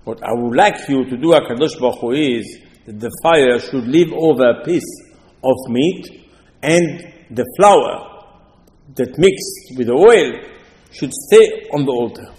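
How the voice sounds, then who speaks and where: A man's voice: medium pitch, animated, a little slow, darkish tone, close to an everyday voice. A man voicing an earnest leader who lays out a careful request to God. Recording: long hall reverb.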